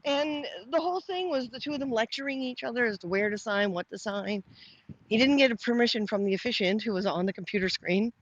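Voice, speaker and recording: A woman's voice: fairly high pitch, a little fast, muffled recording. A middle-aged woman, chatting casually on a live stream while walking outdoors. She rambles, restarts often and answers viewer comments aloud. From Canada. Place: outdoors, walking to the post office.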